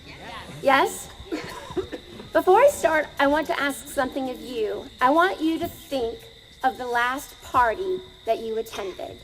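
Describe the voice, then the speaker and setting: Middle-aged woman, high voice, live outdoor storyteller, conversational. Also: measured pace, a little hiss or hum, rough recording. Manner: conversational, asks the audience questions.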